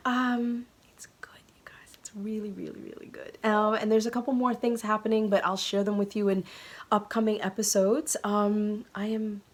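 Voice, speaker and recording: A woman hosting a knitting podcast, talking casually to the camera with earnest warmth, many ums and soft laughs, and growing emotional. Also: medium pitch.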